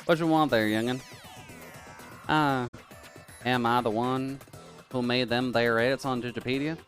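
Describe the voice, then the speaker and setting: A man's voice: mid-range voice, steady tone, measured pace, fairly bright tone, faint music behind, pitched above the performer's own voice, close to an everyday voice. A man voicing a brash male blogger in a put-on Southern drawl, folksy and defensive. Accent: put-on American Southern drawl.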